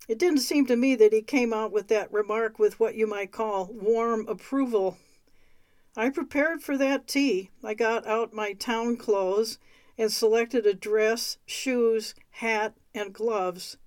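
A woman reading a memoir aloud, unhurried and clear. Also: fairly high pitch, a little mellow, no echo. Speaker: reader of memoirs.

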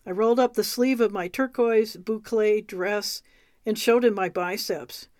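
A woman reading a memoir aloud in a measured, wry way. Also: mid-range voice, a little mellow, dry recording, clean studio sound. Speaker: reader.

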